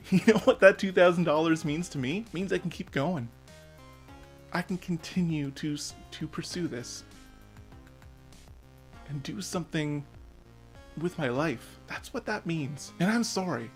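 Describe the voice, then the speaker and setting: A man's voice: a little high, measured pace, pauses often, soft background music. Earnest man in his thirties ranting. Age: 30s. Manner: earnest, emotional, swearing. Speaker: vlogger. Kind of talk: personal rant.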